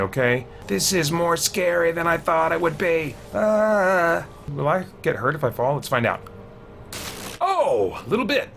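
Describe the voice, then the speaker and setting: A man talks his way through a game, reacting aloud to every sound and surprise. He is jumpy and excitable, sometimes yelping, and his voice sits at an ordinary middle pitch. Faint game music plays underneath. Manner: jumpy, excitable, easily startled. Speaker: gameplay commentator. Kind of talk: let's play commentary.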